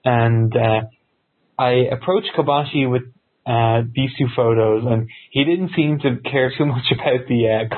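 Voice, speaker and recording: A man telling a long personal story as a podcast guest, rambling and excitable with lots of fillers. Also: medium pitch. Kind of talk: casual storytelling. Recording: tinny phone-like line.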